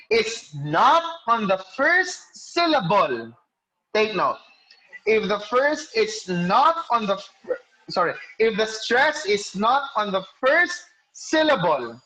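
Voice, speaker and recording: A male teacher giving an online class lecture over a video call. He explains slowly, quizzes students by name and corrects himself mid-sentence. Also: sits high, bright, forceful tone, poor audio.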